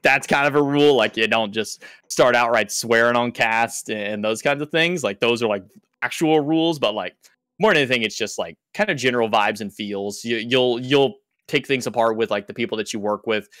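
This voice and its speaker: A man's voice: medium pitch, moderate pace, a bit bright, no echo, studio quality. A man who works as an esports caster, explaining things in loose casual podcast talk with lots of filler words.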